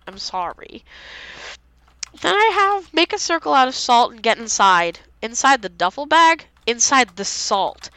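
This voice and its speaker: A young woman co-hosting a casual fan podcast, excitedly reading out favorite quotes and swearing freely. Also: mid-range voice, clean tone, rough recording. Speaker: podcast co-host.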